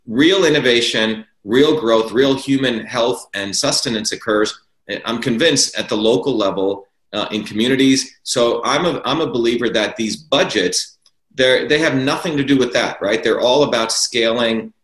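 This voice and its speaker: A man's voice: medium pitch, normal speed, fairly bright tone. A man arguing his political views as an interview guest, emphatic and repeating key words for stress. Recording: roomy echo.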